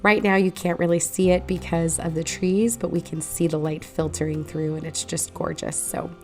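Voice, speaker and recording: A woman vlogger in a low morning voice, chatting through a casual voice-over narration of her garden project and explaining each step as she goes. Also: little pitch movement, moderate pace, soft background music. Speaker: home makeover vlogger. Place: voice-over recorded while editing.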